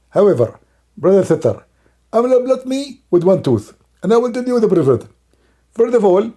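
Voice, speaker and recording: A man's voice: high voice, dark tone, voice pushed up. A man voicing a pompous male preacher who answers callers' questions in a grandly solemn, mock-learned way.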